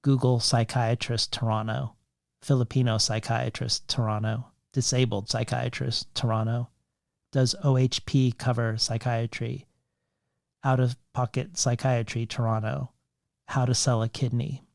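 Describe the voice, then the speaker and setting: A man hosting a literary podcast interview, speaking in measured, long questions that weave in quoted lines and figures. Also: medium pitch, level tone, gravelly, no room sound, studio quality. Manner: measured, reads quotations and statistics in long questions. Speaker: podcast host.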